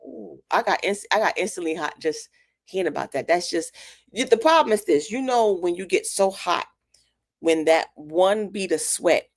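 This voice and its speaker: Female radio co-host, lowish voice, playful and teasing. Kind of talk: casual radio chat.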